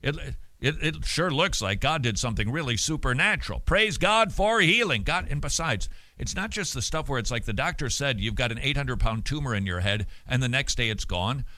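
A man hosting a show, answering listener mail in casual talk, animated and emphatic with many restarts and repeated words. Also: mid-range voice, a little fast, hardly any pauses, no echo. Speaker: radio show host.

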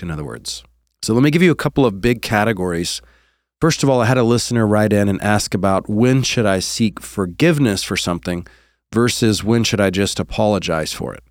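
Male podcast host, lowish and earnest, explanatory, dry studio sound. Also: no echo. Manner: earnest, explanatory, cites scripture references. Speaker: host and counseling professor. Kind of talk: podcast teaching monologue.

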